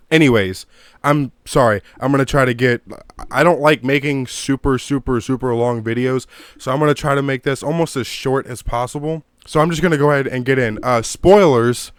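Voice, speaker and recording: A man's voice: medium pitch, clear, resonant tone, dry recording, clean studio sound. A man recording a casual movie review at home on his own mic. He rambles, swears a lot, and gets worked up. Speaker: video creator reviewing a movie. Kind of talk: casual ranting commentary. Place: home room. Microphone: own desk mic.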